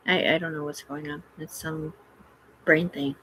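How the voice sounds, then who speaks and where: A woman's voice: low voice, level tone, takes it slowly, long pauses, bright, forceful tone, husky, dry recording. A woman rambling and swearing casually on a live stream from her room, talking back to her chat. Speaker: livestreamer.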